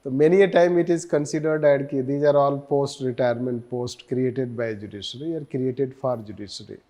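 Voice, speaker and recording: Male teacher, Indian English accent, mid pitch, warm mellow tone, repetitive wry lecturing. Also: fairly even intonation, moderate pace. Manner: repetitive, mixes Hindi with English, wry asides.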